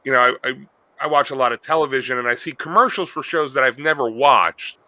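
A man's voice: medium pitch, bright, forceful tone, no room sound, poor audio. A man co-hosting a podcast, riffing jokily in casual banter. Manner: quick, jokey riffing. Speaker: podcast co-host.

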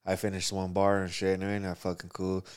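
A man's voice: low-pitched, completely flat delivery, normal speed, smooth. A man casually telling a long, profane story in a rambling, conversational way. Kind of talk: casual chat.

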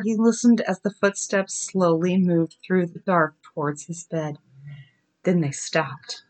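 A woman in her thirties, a podcast host, reading scary stories aloud to her daughter with lively giggles and slow, groaning spooky lines. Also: lowish voice.

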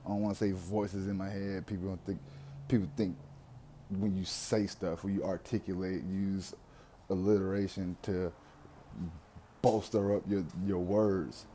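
A man's voice: low-pitched, little pitch movement, measured pace, dark tone, a little hiss or hum. A young man, talking through his anxiety in a candid, rambling personal monologue full of slang and profanity.

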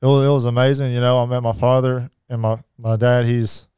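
A man telling his life story as a podcast guest, halting, with many fillers and restarts. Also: mid-range voice, flat delivery, darkish tone, clear, resonant tone, no echo, clean studio sound. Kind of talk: personal storytelling.

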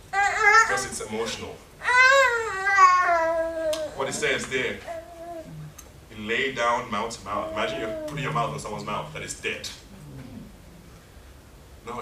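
A man's voice: medium pitch, roomy sound, distant mic, background noise. A man preaching a passionate sermon, acting out scenes in different voices. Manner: impassioned, acts out scenes in many voices.

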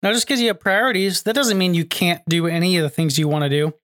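Measured, advice-giving man, dry sound. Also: high-pitched, animated, a bit bright, dry recording. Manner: measured, advice-giving, asks and answers his own questions. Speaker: podcast co-host. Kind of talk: casual chat.

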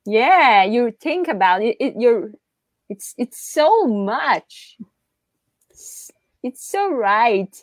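Slow-talking enthusiastic woman host. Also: fairly high pitch, sing-song, dry recording. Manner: enthusiastic, short affirmations. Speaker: podcast host. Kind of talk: casual interview chat.

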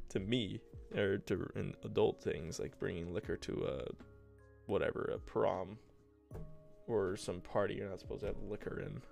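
Young guy podcasting solo, gravelly low-ish voice, swears a lot and rambles, home mic. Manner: profane, self-mocking, rambling. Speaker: podcast host. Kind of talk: casual rambling storytelling. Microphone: home desk mic.

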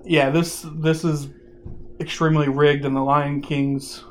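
A man's voice: on the high side, level tone, a little slow. A man hosting a casual podcast, joking and rambling with fillers. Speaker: podcast host.

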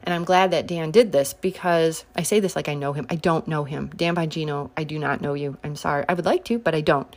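A woman's voice: sits low, fairly even intonation, fairly quick, hardly any pauses, a little mellow. A woman giving casual political commentary, sarcastic and combative, pushing her voice up sharply on her biggest points.

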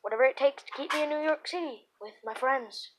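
A defiant twelve-year-old girl who talks back and sulks, read aloud by a woman. Her slightly high voice has a faint hiss of noise under it. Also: a little fast, fairly bright tone, poor audio. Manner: sulky and defiant.

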